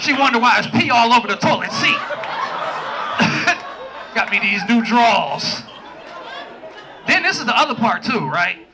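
Loud, high-voiced male stand-up comic. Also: sing-song, noisy background. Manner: loud, profane, acts out partners in quick voices. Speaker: stand-up comedian. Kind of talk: stand-up comedy set. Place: comedy club stage. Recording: live club with loud crowd laughter.

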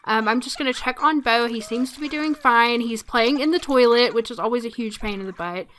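A woman casually commenting on her life-simulation gameplay, chatty and quick to laugh. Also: a little high, a bit bright. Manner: chatty, laughs often, frequent ums. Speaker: let's play narrator.

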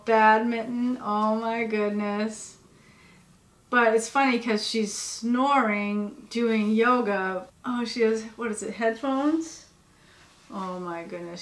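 A tired woman rambling and gushing as she unboxes cute merchandise at her home workspace. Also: a little high. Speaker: vlogger. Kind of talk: casual unboxing chat. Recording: echoey room with faint ambience.

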